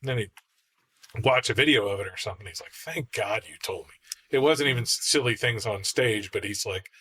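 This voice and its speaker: A man's voice: on the low side, quick pace, pushed and bright. Rambling anecdotal male podcast host. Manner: rambling anecdotal storyteller, laughs easily. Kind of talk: casual panel chat.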